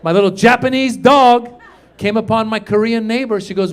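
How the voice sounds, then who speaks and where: A man in his forties, originally from Iran, works a stand-up crowd with a high, bright voice. He delivers his punchlines in bursts of loud shouting. He speaks into a handheld mic on a comedy stage. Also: fast talker, big-room sound. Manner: animated, loud punchlines with shouted quoted lines. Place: comedy stage before a live audience.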